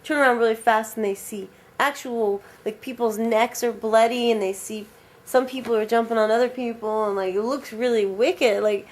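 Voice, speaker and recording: A woman telling an original vampire story aloud in a casual, animated, rambling way, with many fillers. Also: fairly high pitch, moderate pace.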